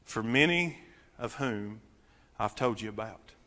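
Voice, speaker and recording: Preacher in a reverberant church. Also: male voice, fairly low pitch, lively intonation, unhurried. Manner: swings from shouting to quiet, intimate near-whisper. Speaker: pastor. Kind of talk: sermon. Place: church sanctuary.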